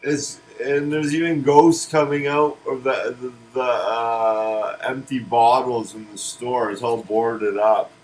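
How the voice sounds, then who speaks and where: A man pitching a cartoon series in casual comedic chat, rambling and restarting words. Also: fairly even intonation, takes it slowly, few pauses, slight background noise, low-quality recording. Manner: rambling, restarts words, laughs at own jokes.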